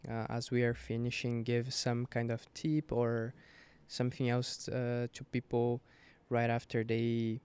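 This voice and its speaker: Mellow, flat-toned man hosting a chat. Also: mid-range voice, unhurried, clean tone. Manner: hesitant, many restarts while asking. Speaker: podcast host, church member. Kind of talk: casual podcast chat.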